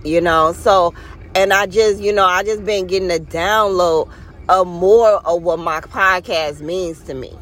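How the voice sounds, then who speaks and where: Speaking straight to her audience, a podcast host delivers an unhurried, casual inspirational monologue in a somewhat low, slightly bright voice. She's earnest and a touch preachy, drawing out and stressing key words to encourage listeners. Throughout, she keeps a slow, deliberate pace.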